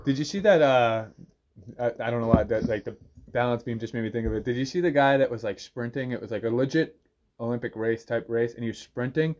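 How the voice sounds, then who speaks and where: A man's voice: mid-range voice, fast talker, darkish tone, lo-fi sound. A man hosting a podcast in laid-back casual chat, chuckling as he talks. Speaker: podcast host.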